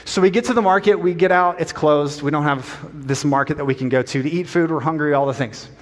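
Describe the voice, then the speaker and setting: A middle-aged man preaching a sermon as a pastor, an animated, self-deprecating storyteller, in a church sanctuary. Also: fairly high pitch, a little fast. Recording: long church hall reverb.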